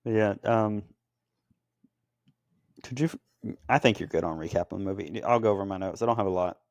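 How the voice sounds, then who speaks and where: Rambling low-voiced man chatting casually. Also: normal speed, darkish tone, no room sound. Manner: rambling, filler-heavy, jokey impressions. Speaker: podcast co-host reviewing films. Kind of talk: casual chat.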